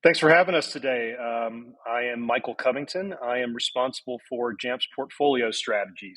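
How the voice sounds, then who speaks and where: A man speaking as a guest on a business podcast, explaining in a measured, careful way. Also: mid-range voice, fairly bright tone, slightly rough, rough recording. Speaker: product strategy guest. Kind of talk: podcast discussion.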